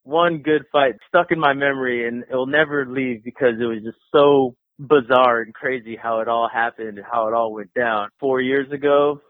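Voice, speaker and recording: A young man telling a story in a casual, profane, animated way, acting out the voices as he goes. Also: medium pitch, no room sound. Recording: tinny phone-line radio call.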